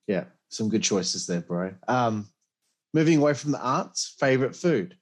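A man hosts a relaxed interview, asking questions and tossing in short, upbeat replies. His voice sits at a mid pitch. He keeps things easygoing. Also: measured pace. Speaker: interview host.

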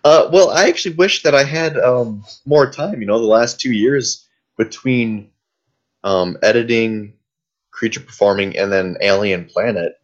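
A man who is a guest on a podcast, answering questions in relaxed, easygoing chat. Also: mid-range voice, measured pace. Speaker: guest, creature actor and filmmaker. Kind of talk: casual interview chat. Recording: dull lo-fi sound.

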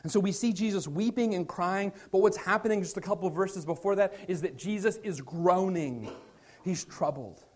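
A man in his thirties preaching a sermon, earnest, moving between loud emphasis and soft, hushed lines. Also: high voice, normal speed. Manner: earnest, shifts from loud stress to quiet near-whispers. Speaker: pastor.

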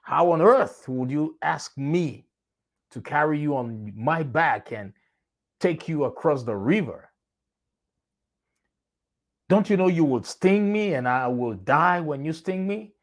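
A man's voice: a little high, expressive, slow pace, long pauses. A man voicing a frightened, trusting male frog in a told fable, with alarmed, pleading questions. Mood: worried.

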